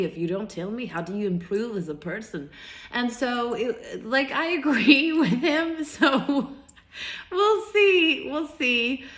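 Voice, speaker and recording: Woman vlogger, chatty storytelling, quotes herself and her date, fillers, roomy echo. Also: on the low side. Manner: chatty, quotes both sides of conversations, frequent fillers and restarts. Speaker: vlogger recounting dates. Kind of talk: casual storytelling monologue.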